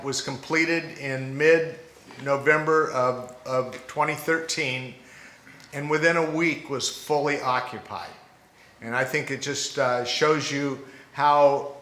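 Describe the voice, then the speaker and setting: A man giving a ceremony speech as mayor, halting with frequent fillers. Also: medium pitch, a bit bright. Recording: echoey public space.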